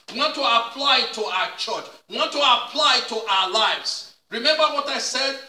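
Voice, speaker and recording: A male pastor preaching a sermon with repeated call-and-response questions, sometimes rising to a shout. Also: very high-pitched. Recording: echoey room, mic at a distance.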